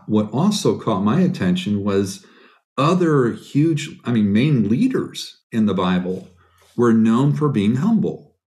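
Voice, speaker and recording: A middle-aged man, a biblical counselor, answering interview questions in an earnest, storytelling way. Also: mid-range voice. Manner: earnest, animated storytelling with quoted asides. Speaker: guest, biblical counselor and author.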